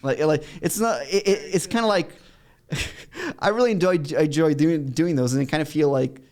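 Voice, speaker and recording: A man's voice: a little high, moderate pace. Eager male host with frequent restarts. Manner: eager, restarts often, speeds up when excited. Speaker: podcast host. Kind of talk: casual interview chat.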